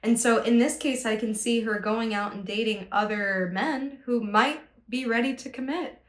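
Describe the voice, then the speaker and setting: A woman working as a relationship coach, talking in a thoughtful, measured, analytical way in a podcast discussion. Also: a little high, reverberant.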